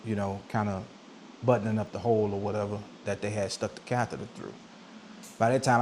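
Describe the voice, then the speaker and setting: A man in his forties telling a story. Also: on the low side. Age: 40s. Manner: conversational, animated when quoting himself and others. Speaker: vlogger. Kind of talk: sit-down storytelling vlog. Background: soft coffeehouse music.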